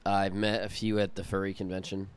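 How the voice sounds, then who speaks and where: A man's voice: sits low, little pitch movement, brisk, clean tone. A young man co-hosting a podcast, trading crude jokes in casual chat. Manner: crude, joking banter. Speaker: podcast co-host.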